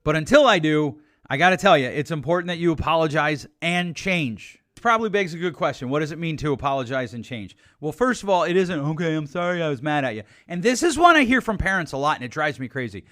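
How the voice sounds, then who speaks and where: A man's voice: a little high, lively intonation, fast talker, hardly any pauses, fairly bright tone, no room sound, studio quality. A middle-aged man hosting a solo relationship advice podcast, blunt and emphatic as he urges listeners to change. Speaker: podcast host.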